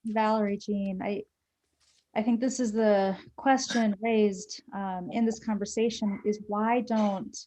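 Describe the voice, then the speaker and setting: A woman moderating a panel discussion, speaking in a measured, thoughtful way. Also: medium pitch, fairly even intonation, mellow.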